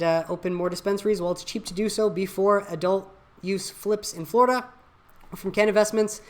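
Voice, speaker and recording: Blunt, opinionated market news host. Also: mid-range voice. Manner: blunt, opinionated, reads headlines aloud with asides. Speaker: channel host. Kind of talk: casual market news commentary.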